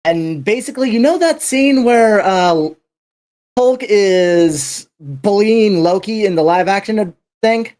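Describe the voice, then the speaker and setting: A man's voice: high-pitched, animated, takes it slowly, darkish tone. A man narrating a tabletop game as game master, rambling with many fillers.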